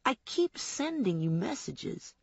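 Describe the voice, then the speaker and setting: A woman reading as a menacing young male fugitive, taunting and slow, his voice dropped low and sneering. The sound is a touch muffled, close and dead dry. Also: very animated, creaky, no room sound, heavily acted.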